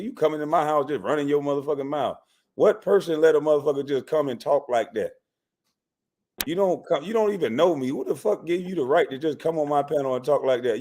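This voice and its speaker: A man's voice: fairly high pitch, fast, dark tone. A man hosting a call-in livestream, arguing bluntly and profanely with callers. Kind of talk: heated call-in banter.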